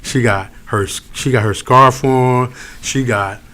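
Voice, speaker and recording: A man's voice: mid-range voice, steady tone, takes it slowly, sharp tone, a little hiss or hum. A man, cohosting a casual podcast chat, telling a story in slang with laughs and restarts. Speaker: podcast co-host.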